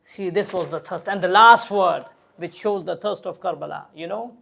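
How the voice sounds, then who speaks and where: A man delivers a mourning sermon in a fairly high voice. His delivery is deeply emotional: he slows to hushed, drawn-out phrases at moments of grief, then lifts into loud, near-shouted lines. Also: vocal fry. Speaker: religious lecturer.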